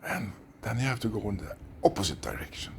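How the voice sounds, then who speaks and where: A man's voice: on the low side, animated, fast talker, slight background noise. A man with a Swedish accent, a former therapist, delivering a rambling, intense monologue that sometimes drops into a whisper. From Sweden. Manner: intense, conspiratorial, lapsing into whispers.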